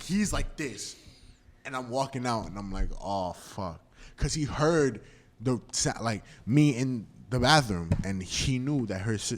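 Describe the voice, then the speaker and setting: Man, podcast host, lower voice, casual swearing storyteller who acts out every line. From Florida. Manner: animated, slangy, swears a lot, acts out quotes. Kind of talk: casual storytelling among friends.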